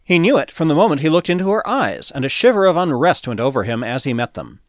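A man narrating an audiobook in a measured, expressive storytelling manner. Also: on the high side, dry recording, studio quality.

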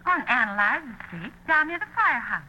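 A woman's voice: sits high, sing-song, a little fast, pushed and bright, exaggerated voice. Prim, indignant 1890s young lady. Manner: primly indignant, formal old-fashioned speech. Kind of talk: 1950s radio acting. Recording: dull, faintly hissy old radio recording.

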